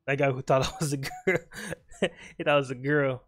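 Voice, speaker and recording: With faint music behind him, this streamer speaks in a mid-range voice that's a bit bright and fairly even in intonation. He's a young man joking about his own live match, chatting at his opponent and muttering rapidly.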